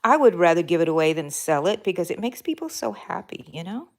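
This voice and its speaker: A woman with a fairly low, expressive voice talks briskly while crocheting on a live stream. She chats casually and answers viewer comments, rambling with fillers and correcting herself.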